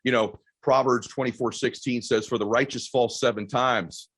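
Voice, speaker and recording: A man in his forties giving a motivational speech to a live audience, telling a story with quick, energetic delivery and loud shouts at the high points. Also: breathy edge, no room sound. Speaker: motivational keynote speaker. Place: event stage before a live audience.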